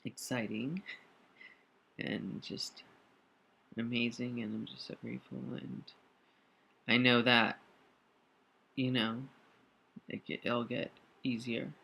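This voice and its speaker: A man recording a personal video diary while crying, speaking in a halting, emotional way with many pauses and fillers. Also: medium pitch, little pitch movement, gravelly, slightly rough. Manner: grateful, soft-spoken confession. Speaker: vlogger.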